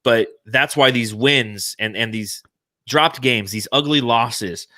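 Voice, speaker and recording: A man's voice: mid-range voice, slow pace, sharp tone, no room sound. A man co-hosting a casual post-game sports podcast, chatty and joking, often laughing. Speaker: podcast co-host. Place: home setup, live stream.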